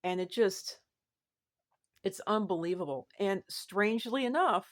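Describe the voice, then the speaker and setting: A woman vlogger talking casually to the camera, rambling and repeating herself, with sudden animated rises in her voice. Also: medium pitch, unhurried. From United States.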